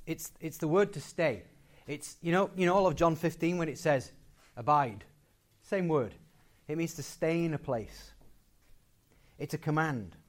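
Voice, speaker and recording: A man preaching a sermon, emphatic, repeating key phrases and swinging between loud and soft delivery. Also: a little high.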